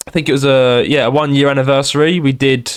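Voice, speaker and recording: A man's voice: medium pitch, fairly even intonation, clean tone. Young man, kent accent, podcast co-host, rambling, laughing a lot. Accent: Kent English. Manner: laughs often, quick and rambling. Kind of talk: casual chat.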